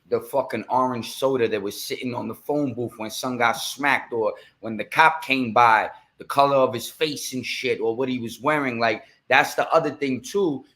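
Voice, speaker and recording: A man's voice: medium pitch, fairly bright tone. A man in a mid-range voice joins a live stream as co-host. He talks casually and bluntly, cursing freely as he adds his comments. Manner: blunt and profane, chiming in with comments.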